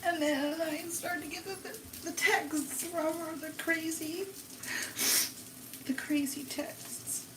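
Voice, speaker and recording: A woman vlogger telling a personal story on a live stream in an emotional, rambling, halting way. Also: very high voice, steady tone, noisy background. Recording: echoey, from far off the mic.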